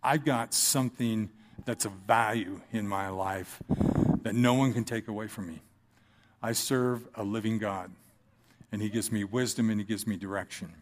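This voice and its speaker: A man's voice: on the low side, fairly even intonation, normal speed. Earnest man giving church testimony. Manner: earnest and conversational with dry humor. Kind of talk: personal testimony to a congregation. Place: church, speaking from the front.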